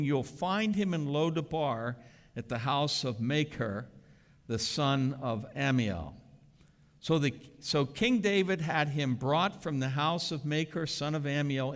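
Male pastor, sermon, slow delivery, long hall reverb. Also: on the high side. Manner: animated preaching with dramatic emphasis.

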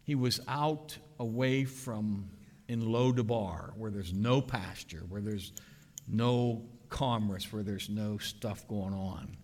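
A man preaching a sermon with animated, dramatic emphasis, recorded in a reverberant church sanctuary. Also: lowish voice, takes it slowly. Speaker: pastor. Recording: reverberant hall.

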